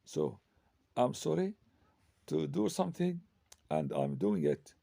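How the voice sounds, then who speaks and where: A man with an Arabic accent explains English grammar at a slow, halting pace, full of fillers and restarts. His voice is very gravelly and mellow. The recording is dry, with no room sound. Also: fairly high pitch, huge pitch swings, dry recording. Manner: slow, hesitant, with many fillers and self-corrections. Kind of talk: grammar lesson.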